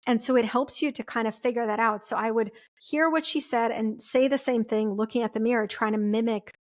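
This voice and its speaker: Earnest, reflective woman in her 40s, slightly high pitch, solo podcast storytelling. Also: steady tone, a little fast. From former Soviet Union. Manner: earnest and reflective, with frequent "right?" and "like". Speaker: podcast host. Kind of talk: personal storytelling monologue.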